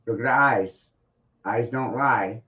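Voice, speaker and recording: A man's voice: mid-range voice, unhurried. A man ranting to the camera, swearing and laughing mockingly at the people he addresses. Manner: mocking, swearing, laughs at his own points. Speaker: video blogger. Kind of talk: profane rant to the camera. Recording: dull lo-fi sound.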